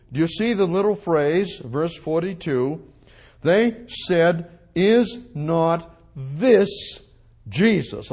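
A man preaching an expository sermon, emphatic, repeating phrases and swinging from loud declarations to quiet asides. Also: on the high side, husky.

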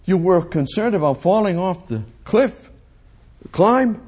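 Man, sermon, husky, slightly high voice, slow delivery, repeats phrases, hushed then loud. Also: animated. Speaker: preacher.

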